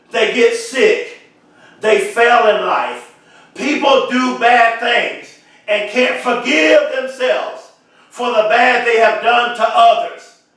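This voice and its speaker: A man giving an impassioned motivational speech, repeating phrases and swelling into shouts. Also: extremely high pitch. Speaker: motivational speaker. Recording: very echoey, voice far from mic.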